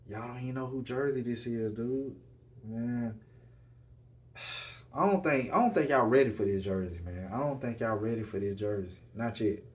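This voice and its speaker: A man's voice: fairly low pitch, a little mellow. Hyped man, slightly distant from mic. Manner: hyped, repetitive, slangy, keeps addressing viewers. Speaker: podcast host. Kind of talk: casual solo chat.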